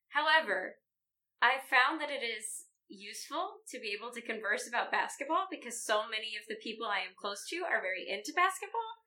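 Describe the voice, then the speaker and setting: A woman's voice: on the high side, pushed and bright, poor audio. A young woman co-hosting a podcast, bantering playfully with dry asides. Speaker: podcast co-host. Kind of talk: casual podcast chat.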